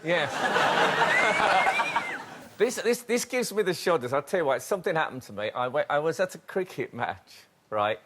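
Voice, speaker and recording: A man's voice: a little high, a bit bright. A man hosting a comic panel show, telling joking anecdotes in casual chat, recorded in a TV studio with audience noise. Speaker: host.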